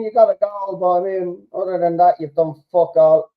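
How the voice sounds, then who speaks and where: A man reacting live to a football match as a fan host, swearing freely and shouting at the players. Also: sits high, steady tone, normal speed, few pauses, muffled recording.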